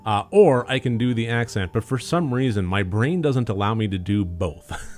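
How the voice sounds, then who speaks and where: A man's voice: on the low side, expressive, moderate pace, soft background music. A man playing a story game on stream, reading narration aloud and commenting in a jokey, swearing, casual way. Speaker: let's play streamer.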